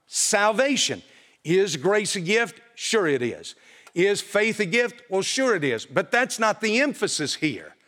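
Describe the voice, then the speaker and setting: A man's voice: high voice, sing-song, measured pace, fairly bright tone. A man preaching a sermon to a congregation, emphatic and full of rhetorical questions. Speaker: pastor. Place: church.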